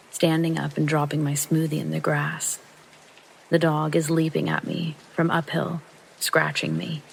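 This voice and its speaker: A narrator reading a true scary story aloud in calm, steady first person, meant for sleep listening. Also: medium pitch, creaky, slight background noise, rough recording. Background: rain sounds.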